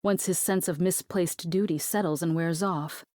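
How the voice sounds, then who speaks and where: A woman narrates a first-person romance audiobook in a steady, intimate storytelling voice. Her voice sits a little low, and the recording is dry and close. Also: normal speed, dry recording.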